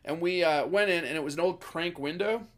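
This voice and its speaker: A man telling revenge stories on a podcast in a casual, animated, profane way. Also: a little high, a little fast. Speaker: podcast guest. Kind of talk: casual storytelling.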